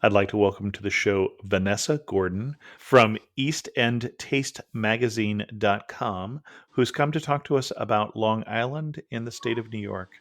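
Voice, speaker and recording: A man's voice: fairly low pitch, normal speed. A man hosting a travel podcast interview, friendly and curious, asking questions and laughing easily. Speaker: podcast host.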